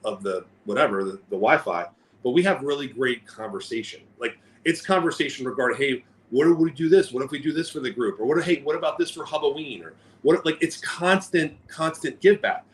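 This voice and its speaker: A man co-hosting a business podcast in animated, rambling casual chat, often stopping and restarting his sentences. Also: medium pitch, a little fast, a little hiss or hum, low-quality recording. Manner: animated, rambling, self-interrupting. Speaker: podcast co-host.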